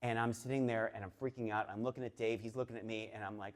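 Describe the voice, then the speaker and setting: On a stage before a live audience, a Boston-area man in his fifties tells a personal story in a chatty, animated way, full of fillers and restarts. His pitch is medium and he talks quickly with hardly any pauses.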